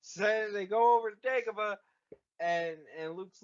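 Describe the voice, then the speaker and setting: A man co-hosting a podcast, recapping a movie comedically and acting out characters in quick bursts. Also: high voice, highs cut off. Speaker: podcast co-host.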